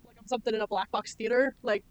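A woman's voice: on the high side, fairly even intonation, very fast. A woman co-hosting a podcast in casual chat, laughing often and swearing casually. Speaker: podcast co-host.

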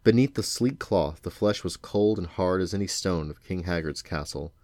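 Deep-voiced dad reading a story aloud. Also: male voice, moderate pace, a little mellow, dry recording. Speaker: parent reading to his children.

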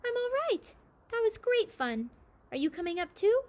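A woman voicing a frightened, tearful little boy in a storybook reading, speaking in a high, sobbing voice. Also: expressive, unhurried, dark tone, full character voice. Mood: excited.

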